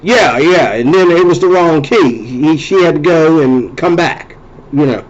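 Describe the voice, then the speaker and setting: A man's voice: a little high, moderate pace, darkish tone. Rambling man on a dull lo-fi recording. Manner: rambling, conversational, repeats and restarts phrases. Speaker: host. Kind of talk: casual rambling monologue.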